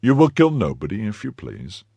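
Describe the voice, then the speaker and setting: A man's voice: on the low side, huge pitch swings, moderate pace, gravelly, warm tone, slightly rough, no room sound, muffled recording, full character voice. A man voicing a bold, cool-headed young swordsman who speaks firmly, in an audiobook. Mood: commanding.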